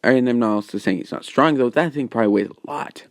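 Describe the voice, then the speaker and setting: A man's voice: mid-range voice, fast talker, no echo, clean studio sound. A man casually retelling a fan story, rambling with lots of fillers.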